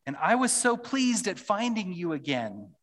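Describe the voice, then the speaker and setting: A man's voice: sits high, sing-song, a little slow, a bit bright, voice pushed up, heavily acted. A man voicing a fretful, disappointed young girl, reading a storybook passage aloud in a sermon in a plaintive, worried tone. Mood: distressed.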